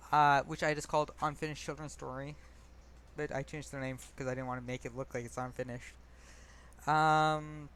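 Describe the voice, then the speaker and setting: A young man with a fairly high, fairly bright and clean voice casually tells stories and reads his own poetry. He rambles and is self-deprecating, with many fillers and restarts.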